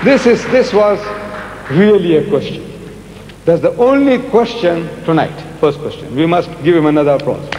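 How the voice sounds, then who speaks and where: Man, lecturer, emphatic and repetitive, fairly high voice, faint background hiss. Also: animated, moderate pace, darkish tone, some chatter behind. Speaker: lecturer answering audience questions. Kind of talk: public lecture Q&A. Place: large lecture hall. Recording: echoey archive hall recording, faint hiss.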